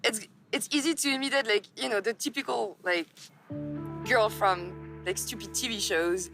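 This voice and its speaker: A woman with a French accent speaks lively and casually in an interview, often breaking into laughter. Her pitch sits in the middle, and music plays softly behind her. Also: normal speed.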